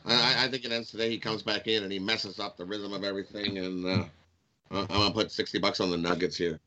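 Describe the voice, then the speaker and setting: A man's voice: fairly low pitch, fast talker, a little hiss or hum. A man co-hosting a casual betting show from home over a video call, giving his picks with lots of hesitant "uh"s. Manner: relaxed, hesitant with many "uh"s. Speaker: sports betting show co-host.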